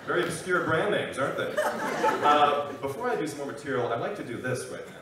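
A young man doing energetic stand-up comedy on a university stage, often asking "okay?". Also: fairly high pitch, fast talker, a loud crowd. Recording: echoey room, distant mic, loud noise.

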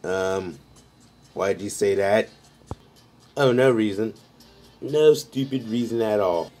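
A man talks through an unscripted comedy sketch, trading jabs as if several voices share the conversation. His voice sits low, and he takes his time with every line. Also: slow pace, darkish tone, soft background music. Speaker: creator of an improvised comedy skit.

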